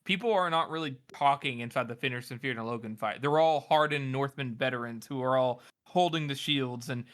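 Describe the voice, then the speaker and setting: A man's voice: mid-range voice, fairly bright tone. A man co-hosting a podcast, eagerly laying out his take on a book in casual chat. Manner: eager, fast-running analysis. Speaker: podcast co-host.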